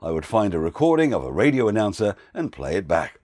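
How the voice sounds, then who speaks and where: A man who works as a voiceover coach, giving an instructional talk with clear, patient explanations. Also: on the low side, big pitch swings, brisk, a little mellow, no echo, clean studio sound.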